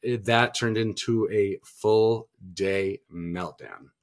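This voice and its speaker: A man's voice: on the low side, slow. A man co-hosting a podcast, talking earnestly about parenting in a rambling way, restarting his sentences and leaning on filler words. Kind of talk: casual podcast chat.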